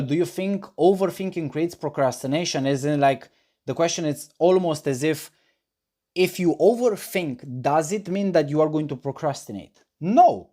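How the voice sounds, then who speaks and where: Mellow-voiced man coaching thoughtfully. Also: a little high. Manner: thoughtful, rephrases himself mid-sentence; explains through personal examples. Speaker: life coach. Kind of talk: answering audience questions in a monologue.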